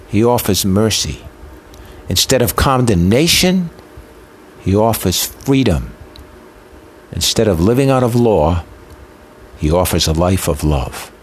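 A man's voice: lowish voice, breathy edge. A man preaching a sermon with an impassioned, emotional delivery built on rhythmic repetition. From Italian heritage.

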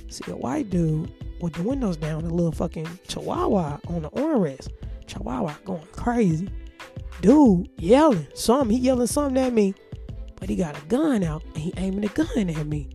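A woman's voice: mid-range voice, creaky, warm tone. A woman telling a story in casual, profanity-heavy speech.

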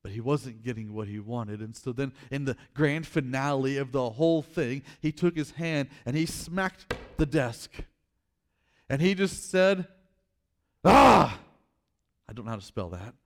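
A male pastor tells a story in a sermon and acts out the scenes with rising force. For his main points he drops to a slow, quiet voice. His pitch sits in the middle for a man.

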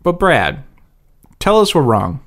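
Man, somewhat high voice, lively pitch, casual podcast chat, rambling. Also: slow. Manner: rambling, hedging opinions with "like". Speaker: podcast co-host. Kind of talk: casual chat reviewing snacks.

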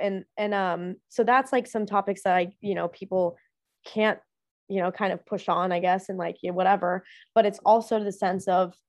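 A woman's voice: mid-range voice, a little mellow, no echo. A young woman talking casually about friendship in a rambling way, full of "like" and restarts. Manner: rambling, heavy use of "like" and fillers. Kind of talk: casual personal chat.

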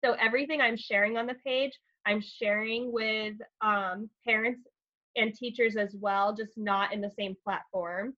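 A woman's voice: a little high, steady tone, measured pace, bright, forceful tone. A woman school counselor as a podcast guest, earnest and explaining things step by step with fillers. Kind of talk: casual podcast interview. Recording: slightly dull, lo-fi sound.

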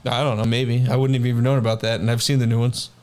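A man's voice: medium pitch, level tone, fast talker, a little mellow. A young man co-hosting a casual chat, laid-back and rambling as he reads out trivia. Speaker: podcast co-host.

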